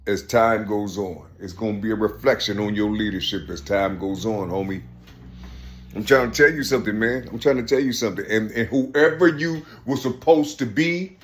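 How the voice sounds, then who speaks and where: A man's voice: medium pitch, slightly rough. A man giving earnest, preachy advice in street slang, repeating "you see?" again and again. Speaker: speaker giving life advice. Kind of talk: informal spoken advice.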